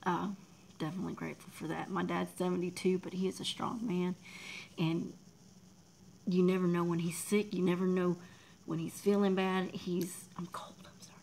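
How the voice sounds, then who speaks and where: A low, gravelly-voiced woman in her forties chats on a livestream from her desk mic, softly and with feeling. Her voice often sinks to a near whisper as she reads out viewers' names. A faint hiss sits behind her. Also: flat delivery, normal speed, rough recording. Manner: emotional, talks softly, drops to near whispers; reads out and thanks viewers in chat. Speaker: livestream host. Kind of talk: casual livestream chat.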